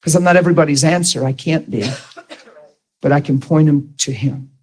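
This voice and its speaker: Over poor-quality audio, a man with a fairly high voice teaches a ministry class at a fairly quick clip. He's blunt and conversational, animatedly acting out the voices of the people he quotes.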